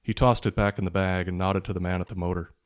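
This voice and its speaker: Man, low voice, monotone, author reading his own thriller aloud, steady pace. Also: fast talker. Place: podcast recording.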